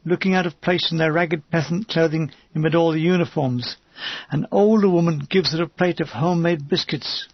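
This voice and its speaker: Male audiobook reader, measured memoir tone, husky voice, dry and slightly dull recording. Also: a little high, no room sound. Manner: measured, understated first-person reading.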